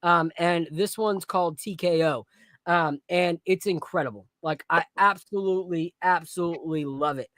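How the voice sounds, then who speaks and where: A podcast host in casual chat about basketball and whiskey, blunt and animated, with plenty of slang. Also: medium pitch, normal speed, dry recording, studio quality.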